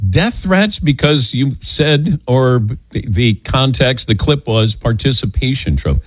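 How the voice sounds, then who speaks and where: A man's voice: medium pitch, animated, unhurried, dry recording. A man hosting a sports radio show, talking in an easygoing, teasing and chatty way. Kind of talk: casual radio talk.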